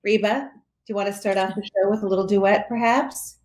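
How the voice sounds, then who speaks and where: A woman's voice: mid-range voice, fairly even intonation, brisk. A woman hosting a charity karaoke show, chatting playfully with her guests. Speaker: host. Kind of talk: casual chat with guests.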